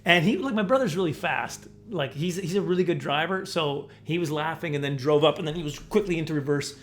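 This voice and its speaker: A man's voice: a little high, expressive, a little fast, soft background music. A man telling a rambling, self-mocking comic story about his childhood, often acting out the voices of the people in it. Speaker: comedian telling a personal story. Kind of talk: casual storytelling monologue.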